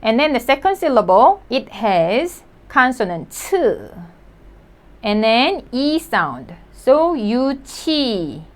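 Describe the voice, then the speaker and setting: Woman, language teacher, slow deliberate delivery, sounds out syllables and repeats words, animated pitch. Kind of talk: slow, clear vocabulary lesson.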